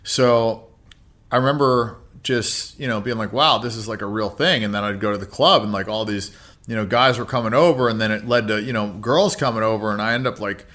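Podcast guest, American man, thirties, loose profane storyteller, sharp bright tone. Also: lowish voice, fairly quick. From United States. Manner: laid-back, heavy swearing, many fillers. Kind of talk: casual storytelling.

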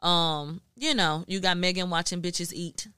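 A woman from Houston, a guest journalist on a podcast, telling a story in casual, profane, animated chat full of acted-out quotes. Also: on the low side, measured pace, smooth, no echo, clean studio sound. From Houston, Texas.

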